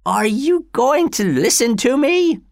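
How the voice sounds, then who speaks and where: A man's voice: very high voice, very animated, slow pace, no echo, studio quality, voice pushed up, exaggerated voice. A man putting on a frail dying old father. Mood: urgent, weak. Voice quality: weak, breathy. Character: dying old father, weak-voiced, strange and proud.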